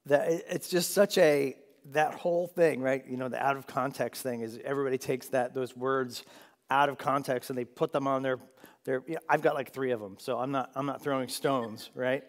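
A man leads a Bible study for a room of listeners, talking loosely and laughing often as he goes. His voice has a medium pitch and carries a long hall echo. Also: steady tone, normal speed. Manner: chatty, laughs often, asks the room "right?". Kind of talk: casual classroom teaching. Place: large room with a group of listeners.

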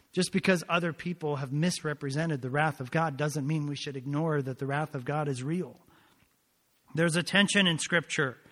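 A man delivers a sermon from the pulpit in a fairly high voice. He is emphatic but conversational, firing off rhetorical questions and slipping in asides. His voice trails off into the long echo of a big hall. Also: fairly bright tone. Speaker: pastor.

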